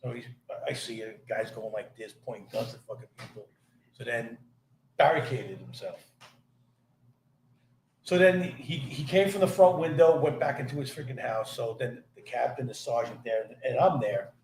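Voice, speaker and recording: A man's voice: medium pitch, normal speed, echoey room, slight background noise, low-quality recording. A man telling profane police stories as a podcast guest. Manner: profane, animated storyteller. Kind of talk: casual storytelling chat.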